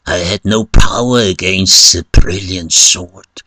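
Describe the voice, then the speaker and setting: A man's voice: sits low, takes it slowly, sharp tone, no echo, full character voice. A man voicing a wounded, fallen male devil who pleads weakly in a storybook reading.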